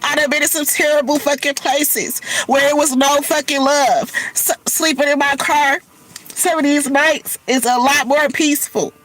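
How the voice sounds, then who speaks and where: In a low-quality recording with slight background noise, a woman speaks at normal speed in a high, somewhat bright voice with fairly even intonation. She's tearful and sniffly, candidly addressing her livestream viewers as y'all in emotional, casual talk.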